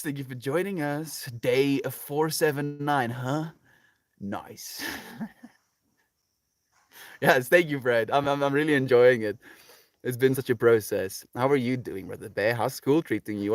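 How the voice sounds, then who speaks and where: A South African man livestreaming from his farm garden, reading out viewer comments in relaxed, rambling casual chat. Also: medium pitch, no echo, clean studio sound. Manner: relaxed, chatty, many fillers like "like" and "you know". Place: home on a farm, outdoors in a garden.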